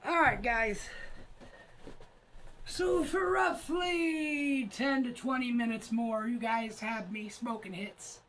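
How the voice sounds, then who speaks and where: High-voiced woman livestreaming from far off. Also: slow pace, noisy background. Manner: counts out workout reps, coos and sings to her dogs. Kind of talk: casual livestream chat. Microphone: phone camera.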